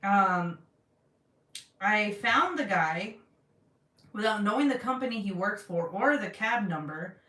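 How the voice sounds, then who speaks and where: A woman's voice: medium pitch, slow, pauses often. A young woman vlogger telling a story in casual, profane chat, acting out the people she quotes. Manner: animated, profane, acts out quotes in her retelling. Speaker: craft vlogger. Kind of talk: casual storytelling chat, reading live comments. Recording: roomy sound from a distance.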